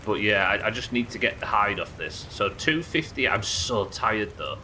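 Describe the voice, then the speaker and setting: A man commentating his own live game stream, excitable, swearing and talking to his chat. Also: fairly low pitch, normal speed, slight background noise.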